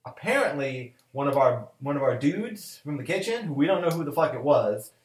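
A man's voice: medium pitch, very animated, brisk, roomy sound. A man in his thirties, a cook, telling a story in casual chat, swearing freely and acting out both sides of an argument. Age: 30s.

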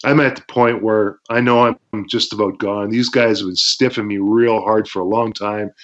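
A Canadian man, a former pro wrestler, telling stories in a casual interview, acting out shouts and sound effects and laughing often. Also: lowish voice, steady tone, normal speed. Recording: dull lo-fi audio.

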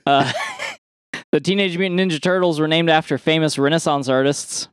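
A man's voice: a little high, moderate pace, smooth, no room sound, studio quality. A man co-hosting a podcast, reading out quiz questions and multiple-choice answers in a casual chat, laughing often. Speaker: podcast co-host running a quiz.

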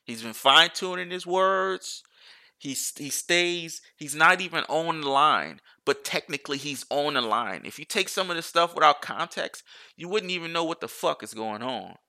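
Man, casual solo rant, bright tone, profane, rambling restarts. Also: fairly high pitch, expressive, moderate pace, gravelly. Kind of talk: casual monologue.

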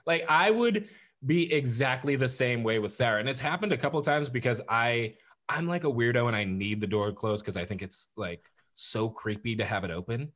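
A man's voice: medium pitch, moderate pace, fairly bright tone. A man co-hosting a podcast, chatting in a joking, self-deprecating way and laughing often. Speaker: podcast co-host. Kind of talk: casual chat.

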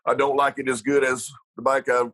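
A man's voice: mid-range voice, little pitch movement, fairly quick, a bit bright, rough recording. A middle-aged man, a retired racer telling salty stories in a casual interview, rambling with lots of fillers and laughs.

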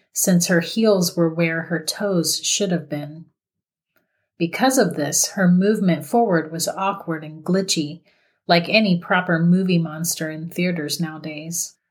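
A woman narrating a scripted horror story in a steady, measured reading voice. Her voice sits on the low side for a woman, and she reads at a deliberate, even pace.

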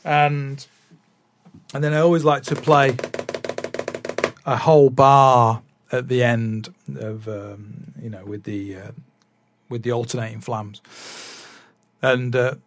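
A man's voice: mid-range voice, fairly even intonation, takes it slowly, long pauses, a little hiss or hum. A man chatting casually about drum practice, rambling with many fillers and restarts. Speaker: drummer vlogger. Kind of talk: casual chat.

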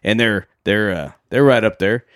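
In a lowish voice at a moderate pace, a man on a podcast he co-hosts animatedly walks through a movie scene in casual chat. He voices the characters' dialogue himself and often breaks into laughter.

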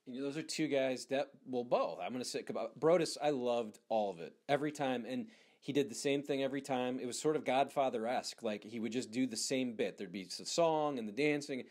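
A man's voice: mid-range voice, a little fast, a little mellow. A male interview host with a mid-range voice, eager and fan-like in tone. His questions ramble, circling back and restarting before they land. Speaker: podcast host. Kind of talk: casual interview chat.

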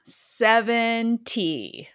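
A woman's voice: fairly high pitch, big pitch swings, a bit bright, clean tone. A woman co-hosting a casual comedy podcast, enthusiastic and giggly. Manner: giggly, enthusiastic, quick to react. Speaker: podcast co-host.

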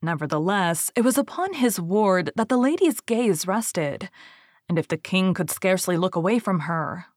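A woman reading an old storybook tale aloud in a measured, steady way. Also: on the low side, no room sound, clean studio sound.

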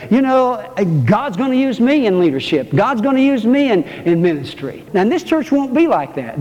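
Here a man's high-pitched, slightly mellow voice fills a church sanctuary as he preaches. He's a folksy, joking pastor who keeps calling out to the congregation, captured in a muffled recording with heavy reverb.

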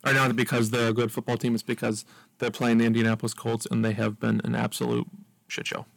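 A man co-hosting a sports podcast, giving measured analysis with frequent ums. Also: mid-range voice, monotone, creaky, no echo, rough recording. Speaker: podcast co-host. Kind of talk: casual sports talk.

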